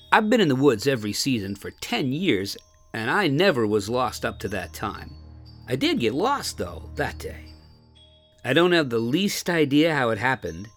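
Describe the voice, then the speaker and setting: Expressive male storyteller, lively pitch. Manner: expressive, old-fashioned storytelling. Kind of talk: first-person story reading.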